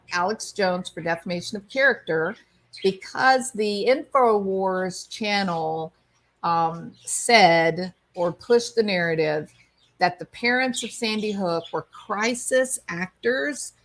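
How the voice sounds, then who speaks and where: A woman's voice: mid-range voice, a bit bright. A woman hosting a casual video commentary, chatty and amused as she explains a clip. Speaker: commentary show host.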